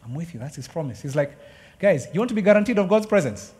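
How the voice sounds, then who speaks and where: A man's voice: fairly high pitch, sing-song, fast talker, a little mellow, husky, long reverb tail. A man preaching a passionate, emphatic sermon to his congregation, often calling them "guys". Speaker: pastor. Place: church hall.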